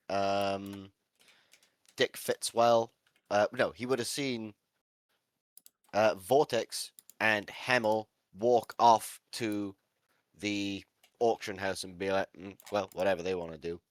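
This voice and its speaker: A man's voice: on the low side, slow, smooth, no room sound. A man playing a tabletop game, talking casually and offhand. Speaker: player.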